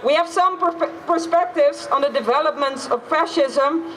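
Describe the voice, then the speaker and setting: Woman, activist speaker, high voice, declamatory rally delivery, faint background noise. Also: normal speed, fairly bright tone. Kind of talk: prepared rally speech. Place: outdoor city square rally.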